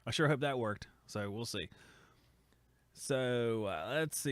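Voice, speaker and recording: A man with a medium-pitched voice hosts a laid-back livestream from his home studio, speaking slowly with frequent pauses. He reads chat comments aloud and teases the people who wrote them, rambling and joking. There's no echo.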